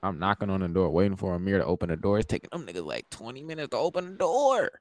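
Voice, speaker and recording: A young man with a very low voice, recorded dry and close with no room sound. He co-hosts a podcast in loose, profane chat and acts out the lines of the people in his stories. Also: fast talker, dry recording. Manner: profane, animated, acts out quoted dialogue. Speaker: podcast co-host. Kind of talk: casual storytelling chat.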